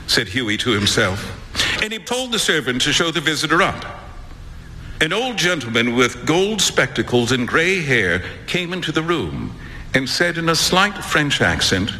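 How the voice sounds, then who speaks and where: A man giving an expressive, measured dramatic reading of a story on stage. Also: medium pitch, long reverb tail, slight background noise.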